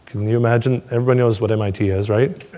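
A man telling his testimony to a congregation, swinging between excited storytelling and hushed, reflective moments. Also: mid-range voice, rapid-fire. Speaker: father sharing a testimony.

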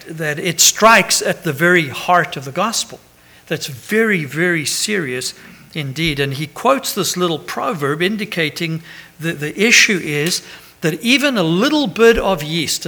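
Guy giving a sermon, bit high voiced, chatty asides, keeps saying right?. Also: sharp tone. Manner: chatty, self-deprecating asides, frequent 'right?'; pastoral, announcement-style. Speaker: preacher.

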